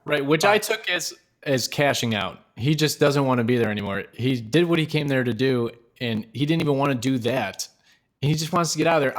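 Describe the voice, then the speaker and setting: A man with a mid-pitched voice talks on a casual book podcast. He thoughtfully argues for his own reading of a character's choices. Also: expressive, a little fast. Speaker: podcast co-host.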